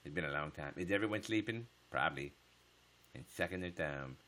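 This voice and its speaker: A man hosting a casual late-night livestream, joking crudely with viewers and laughing often, sometimes dropping to a hush. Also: low-pitched, expressive, a little fast. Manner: drops to a hush so as not to wake his household. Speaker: livestream host.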